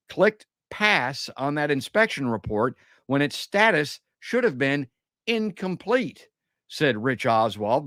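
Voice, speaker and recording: A man's voice: mid-range voice, a bit bright, dry recording, studio quality. A man hosting a live call-in podcast, reading news items aloud and commenting on them in a chatty way, talking straight to his listeners. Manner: chatty, addresses listeners as folks, many uhs. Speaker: podcast host.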